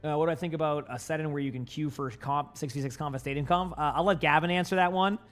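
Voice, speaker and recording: A man's voice: fairly high pitch, steady tone, fast, a bit bright. A young man with a light Boston accent, a gaming streamer chatting casually with his viewers, rambling with lots of fillers and restarts. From Boston area.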